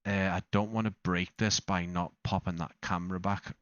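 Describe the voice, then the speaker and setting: Casual flight-sim streamer, a man with a low, bright voice on a dry close mic, who talks in loose, self-correcting bursts. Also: level tone, moderate pace, clear, resonant tone, no echo, dull audio. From not Australian. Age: adult father. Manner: rambling, self-correcting, with frequent restarts and fillers. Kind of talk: casual live-stream commentary.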